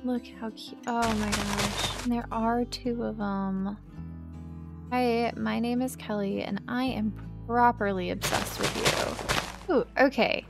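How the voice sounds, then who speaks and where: Lady doing a let's play, kinda high voice, slow and chatty, bit of fry. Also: fairly even intonation. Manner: chatty, easily distracted, exclaims often. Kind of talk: casual gameplay commentary. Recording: light background music.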